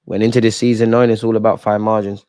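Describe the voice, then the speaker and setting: A young man hosting a live football watch-along, talking at the players on screen and yelling at big moments. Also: fairly low pitch, fast talker, smooth. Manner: excitable, talks to the players on screen; shouts and yells at goals and chances.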